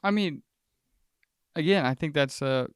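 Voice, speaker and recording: A man's voice: on the high side, measured pace, clean tone, no echo, clean studio sound. A man co-hosting a casual podcast chat with a friend, talking in a reflective, rambling way and acting out quoted lines. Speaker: podcast co-host.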